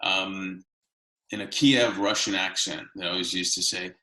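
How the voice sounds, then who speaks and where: A man's voice: deep voice, fairly even intonation, unhurried, pushed and bright, roomy sound, poor audio. A man from Canada hosting a casual interview, chatty and rambling with many fillers. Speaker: interview host.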